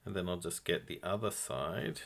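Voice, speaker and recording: A man's voice: sits low, normal speed, vocal fry, fairly bright tone. A man co-hosting a live craft stream, easygoing, narrating each step and reacting to viewer comments. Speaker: craft demonstrator co-host. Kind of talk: casual live craft demonstration.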